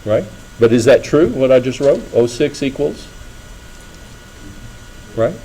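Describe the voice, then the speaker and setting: A man's voice: medium pitch, lively intonation, slow pace, dark tone, slightly rough, low-quality recording. A middle-aged man giving a classroom lecture, talking casually and checking in with the students often. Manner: conversational, asks students frequent checking questions. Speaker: engineering lecturer.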